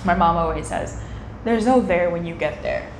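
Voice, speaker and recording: A young adult woman giving a casual tarot reading, chatty and animated, slipping into little quoted voices. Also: lowish voice, normal speed. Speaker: tarot reader. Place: indoor room by a window. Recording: echoey room with faint ambient noise.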